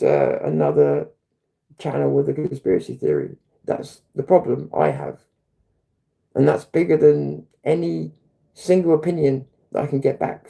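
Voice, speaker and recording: A man's voice: fairly high pitch, creaky, warm tone. A middle-aged man, hosting a livestream and ranting bluntly, with heated swearing. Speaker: livestream host.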